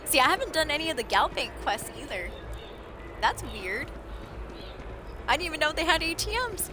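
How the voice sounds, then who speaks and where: Hoarse-voiced woman streamer. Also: high voice, normal speed. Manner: chatty, excitable, talks to chat. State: losing her voice. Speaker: livestreamer. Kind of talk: casual gameplay commentary. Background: game music.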